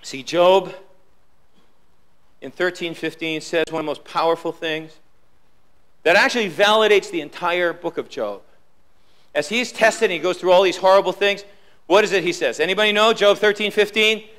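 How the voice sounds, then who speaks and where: Man, pastor, very high voice, sharp and bright, emphatic sermon, church. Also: moderate pace, pauses often, clean tone. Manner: emphatic preaching, repeats key lines, drops low for quotes. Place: church sanctuary.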